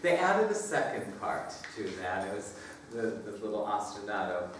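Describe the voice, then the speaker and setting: A man's voice: lowish voice, big pitch swings, normal speed, a bit bright, a little hiss or hum. Man teaching choir in a reverberant hall. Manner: demonstrates by singing phrases, leads group echo singing; upbeat, laughs often while explaining. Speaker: choral clinician. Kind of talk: music workshop teaching. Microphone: distant room mic. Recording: echoey hall recorded from far off.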